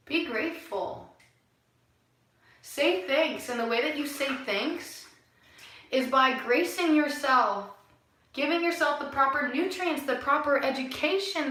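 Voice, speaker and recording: A woman with a sharp, bright voice rambles through a spiritual monologue, musing and preachy. She is recorded far from the mic in a room full of echo. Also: high voice. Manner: musing and preachy, with soft laughs and sighs. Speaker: vlogger.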